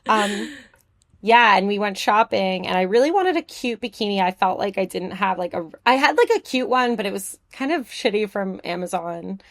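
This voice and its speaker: A woman's voice: mid-range voice, lively intonation, moderate pace, no room sound, clean studio sound. A young adult woman from the United States, a podcast guest chatting casually, joking often and leaning on filler words. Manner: giggly, jokey, heavy on filler words. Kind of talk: casual interview chat.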